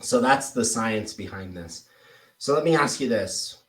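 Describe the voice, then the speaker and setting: A man coaching a trainee on sales scripts in a relaxed, casual way. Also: fairly low pitch, unhurried, far from the mic. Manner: relaxed, demonstrates tone with example phrases. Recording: roomy echoey recording.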